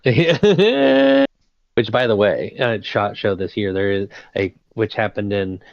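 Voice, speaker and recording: A man's voice: on the low side, animated, takes it slowly, vocal fry, no echo. A man hosting a casual chat, retelling a story in a rambling, slangy way full of fillers and laughs. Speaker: podcast host. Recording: dull lo-fi recording.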